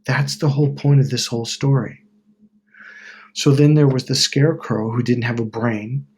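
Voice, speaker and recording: A man's voice: medium pitch, steady tone, moderate pace, a little mellow, slight background noise. A man from Wisconsin talking to camera in a rambling, profane, self-correcting monologue about self-help. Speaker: self-help video host. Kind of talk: casual monologue.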